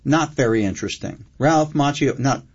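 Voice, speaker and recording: A man being interviewed as a guest, telling his story in a reflective, drawn-out way. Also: medium pitch, husky. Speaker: guest, screenwriter. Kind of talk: interview conversation. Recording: slightly muffled broadcast audio.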